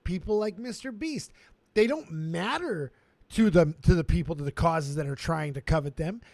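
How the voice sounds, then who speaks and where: A man hosting a casual streamed chat, going off on rambling comic rants that swing from low mutters to shouting. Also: moderate pace. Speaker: streamer host.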